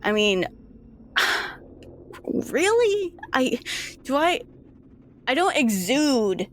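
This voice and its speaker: A woman's voice: fairly high pitch, animated, takes it slowly, a little hiss or hum. A woman voicing a crude, sulky young male patient in an asylum who swears and brushes others off. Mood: annoyed, dismissive.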